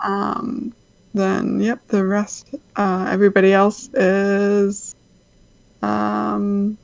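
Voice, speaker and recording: A woman narrating as game master of a tabletop game, unhurried and hesitant, often pausing on fillers. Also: mid-range voice, level tone, gravelly, no room sound, low-quality recording.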